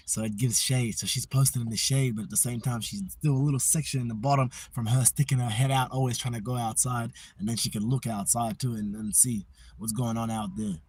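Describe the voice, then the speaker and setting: A man's voice: mid-range voice, a little mellow, slightly rough. A man hosting a casual livestream, talking in a loose, slangy, rambling way that turns into heated ranting at a viewer in the chat. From Australia. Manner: laid-back, rambling, slangy. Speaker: livestream host.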